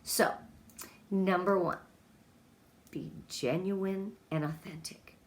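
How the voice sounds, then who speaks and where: A woman's voice: on the low side, fairly even intonation, slow pace. A woman giving an emotional, encouraging motivational talk to her sales team as a guest speaker.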